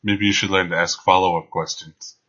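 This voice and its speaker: A man voicing a dry-witted male paladin knight with a deadpan, matter-of-fact delivery, in a tabletop game. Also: sits low, a little fast. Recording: lo-fi dull recording.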